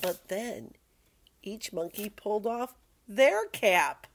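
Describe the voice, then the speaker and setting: Expressive grandmother reading a picture book. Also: medium pitch, slight background noise. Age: older. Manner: expressive, slow, playful. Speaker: storyteller reading to a child. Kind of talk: children's picture book read-aloud.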